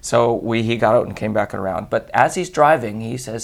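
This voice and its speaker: A hoarse man telling a lively anecdote in casual chat, acting out the other voices and laughing often. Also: fairly low pitch, moderate pace, hardly any pauses. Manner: animated storyteller who acts out voices and laughs often. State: hoarse voice after a long week. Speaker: guest on a radio chat show.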